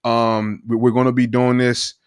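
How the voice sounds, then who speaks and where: A man co-hosting a casual sports talk stream, animated and enthusiastic. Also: medium pitch, moderate pace, smooth, no room sound, clean studio sound. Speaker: podcast co-host.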